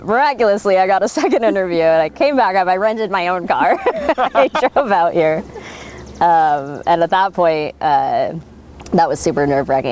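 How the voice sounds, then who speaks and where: A woman from Oregon interviewed for an oral history, telling lively stories with many fillers and frequent laughs. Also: on the low side, slight background noise. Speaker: winery worker being interviewed.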